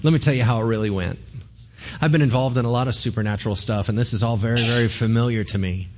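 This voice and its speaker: A man's voice: mid-range voice, quick pace, noisy background. A man, a pastor, giving a sermon in a conversational, joking way, often asking the congregation questions.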